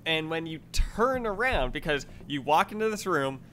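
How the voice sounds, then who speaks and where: Bright-voiced man chatting casually. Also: fairly high pitch, lively intonation, moderate pace, slight background noise. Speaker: podcast co-host. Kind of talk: casual chat about games.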